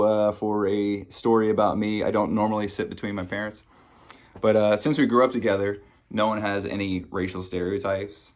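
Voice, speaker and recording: Very deep-voiced man telling stand-up stories. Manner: conversational storytelling, acts out quoted people. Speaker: stand-up comedian. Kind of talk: stand-up comedy set. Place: home, recorded for a virtual show.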